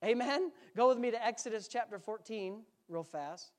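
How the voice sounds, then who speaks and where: A man's voice: high-pitched, animated, moderate pace, a little mellow. Male pastor, conversational sermon, easygoing jokes with the congregation, church sanctuary.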